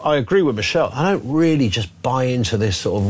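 A man hosting a talk radio phone-in, his voice a little husky. He sounds conversational and opinionated, at a middle pitch, and talks callers through the issues in a relaxed, chatty way. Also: fast, few pauses. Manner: conversational, opinionated, reads out listener messages.

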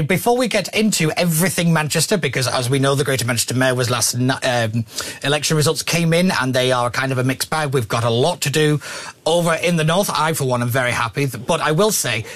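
A man's voice: medium pitch, a bit bright. A man hosting a talk radio show, chatting in an opinionated way, reading listener texts and often restarting his sentences. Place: broadcast studio.

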